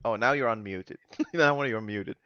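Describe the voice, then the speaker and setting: A man hosting a casual chat over a video call, lively and laughing often. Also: lowish voice, a little slow, muffled recording. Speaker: host.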